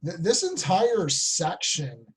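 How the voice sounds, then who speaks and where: Husky excited man talking comics. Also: high voice, slow pace. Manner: excited, rambling, acts out quotes. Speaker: podcast co-host. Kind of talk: casual comic book discussion.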